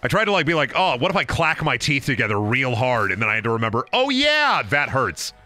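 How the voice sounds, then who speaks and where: A young streamer chats casually on a gaming livestream, rambling, joking and often interrupting himself to restart sentences. His mid-range voice is quick and sharp, with no echo and faint music in the background.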